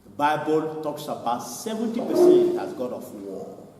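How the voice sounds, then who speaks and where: A man preaching a sermon as pastor, animated, laughing and imitating people as he goes. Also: on the high side, moderate pace, heavy background noise. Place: church hall. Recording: echoey hall from far off.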